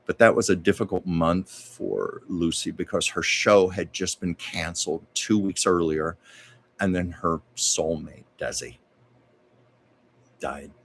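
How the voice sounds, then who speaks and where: A man's voice: low-pitched, fairly even intonation, measured pace, husky. A man hosting a livestream, telling anecdotes in a conversational way with little asides. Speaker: host. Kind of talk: storytelling livestream chat.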